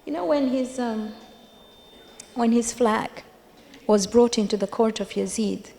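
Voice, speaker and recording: A woman speaks at a measured pace in a slightly high voice that is creaky and dark in tone. As a majlis speaker giving a religious lecture at a gathering, she tells stories emphatically and repeats key phrases for weight, with long hall reverb on the recording.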